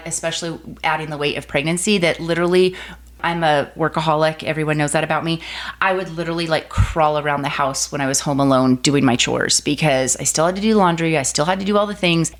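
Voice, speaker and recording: A woman in her thirties telling a personal faith story as a podcast guest, animated, acting out quoted voices. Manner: animated storyteller, acts out quoted voices with big pitch jumps.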